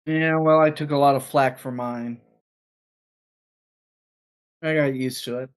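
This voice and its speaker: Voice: medium pitch, steady tone, unhurried, clean tone. Casual chat voice, curious, asks lots of questions. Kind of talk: casual chat among friends.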